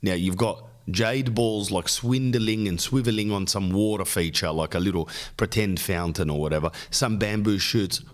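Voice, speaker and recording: A middle-aged Australian man with a fairly low voice tells a story in a loose, rambling podcast monologue. He riffs through jokey lists and asides as he goes. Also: moderate pace, few pauses. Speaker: podcast host.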